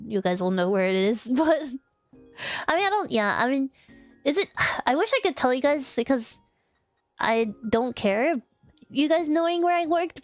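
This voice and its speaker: Chatty woman streamer, slightly high voice. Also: no echo. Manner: rambling, with many fillers and restarts. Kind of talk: casual storytelling chat.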